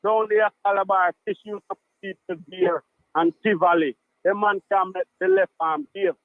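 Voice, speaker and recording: A Jamaican man calls in to a radio show, heard through a thin, phone-like line. His voice sits high, and he talks in an animated way, slipping into patois and repeating himself. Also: normal speed, dry recording. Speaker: caller. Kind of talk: call-in radio chat. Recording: tinny phone line, dry.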